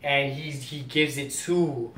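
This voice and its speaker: A man's voice: steady tone, slow, fairly bright tone. A man hosting a casual comic reaction video, rambling and explaining as he goes. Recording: roomy distant mic, faint rumble.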